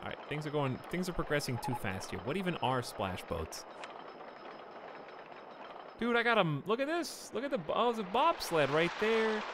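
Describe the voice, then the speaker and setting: A man streaming a game live, reacting excitably and bantering with his chat. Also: sits high, moderate pace, noisy background.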